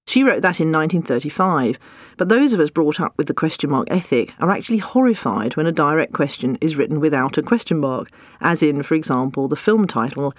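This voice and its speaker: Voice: mid-range voice, dry recording. Wry narrator, dry close sound. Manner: wry, dryly humorous. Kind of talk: scripted nonfiction narration.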